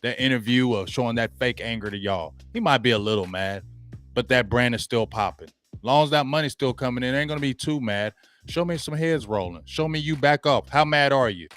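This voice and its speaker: A man talks sports in a blunt, slangy monologue, hammering the same points over and over. His voice sits at an ordinary middle pitch. Faint music plays behind him. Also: a little fast, fairly bright tone. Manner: blunt, slangy, repeats himself for emphasis. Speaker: sports talk show host. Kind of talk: opinionated sports talk monologue.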